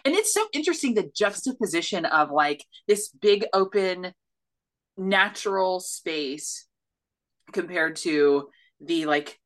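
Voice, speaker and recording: A woman co-hosts a movie review podcast, chatting casually about films in a lowish voice with lively intonation and a slow pace. Her talk is enthusiastic and rambling, packed with fillers.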